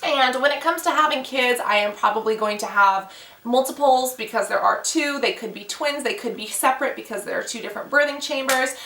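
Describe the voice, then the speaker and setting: A young woman vlogger telling a personal story in a casual, animated way, acting out the voices of the people in it. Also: high voice, a little fast, roomy sound, distant mic.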